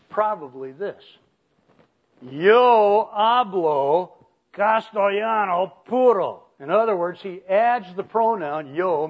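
An older man preaching a sermon in a folksy way, chuckling and often clearing his throat. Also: a little high. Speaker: pastor. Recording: muffled lo-fi recording.

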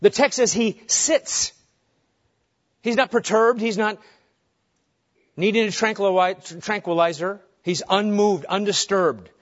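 A man preaching an expository sermon, swinging between booming emphasis and hushed calm. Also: slow, long pauses. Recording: dull lo-fi sermon recording.

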